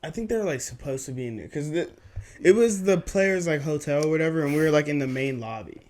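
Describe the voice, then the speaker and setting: Excitable young man, higher voice. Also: quick pace. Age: young adult. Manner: excitable, laughs often, lots of "like". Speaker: guest. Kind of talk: casual podcast chat.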